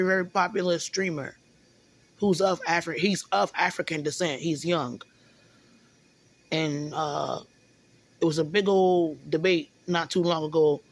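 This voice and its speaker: A woman venting in a casual monologue, rambling and often stumbling over repeated words. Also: lowish voice. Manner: rambling, repeats words, often says "you know what I'm saying".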